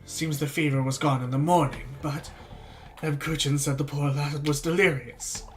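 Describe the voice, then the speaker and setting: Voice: medium pitch, steady tone, normal speed, soft background music, lightly acted. A streamer voicing a stern, protective old grandmother in a horror game, firm and scolding.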